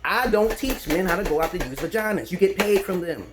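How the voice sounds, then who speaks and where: A man's voice: sits high, animated, brisk, noisy background. A man from Brooklyn, ranting profanely and emphatically in an unscripted monologue as a self-styled dating advisor. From Brooklyn, New York.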